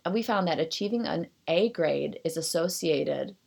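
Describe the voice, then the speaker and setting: A woman's voice: deep voice, expressive, normal speed, vocal fry, a little mellow, breathy edge. A woman hosting a solo podcast, reading an article aloud and breaking off into self-deprecating, rambling asides. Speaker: podcast host.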